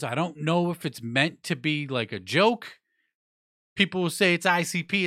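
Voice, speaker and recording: A man's voice: fairly high pitch, sharp tone, dry recording, clean studio sound. A man giving a blunt, profane, rambling music review in casual chat. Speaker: music news vlogger.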